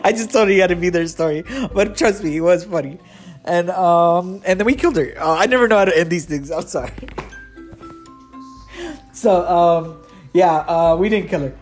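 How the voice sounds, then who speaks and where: A man's voice: high-pitched, normal speed, soft background music. A man telling a casual storytime anecdote, rambling and restarting often, laughing at his own story.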